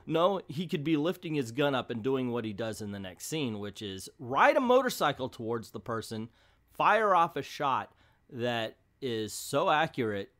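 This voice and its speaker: A man's voice: medium pitch, sharp tone. Middle-aged male reviewer, mid-range voice, casual rambling monologue, hesitant and exasperated. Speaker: comic book reviewer, channel host.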